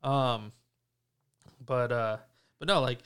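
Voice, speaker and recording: A man's voice: medium pitch, slow pace, fairly bright tone, clean tone. A man hosting a casual podcast chat, talking in a snarky, profane, rambling way with frequent restarts. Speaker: podcast host.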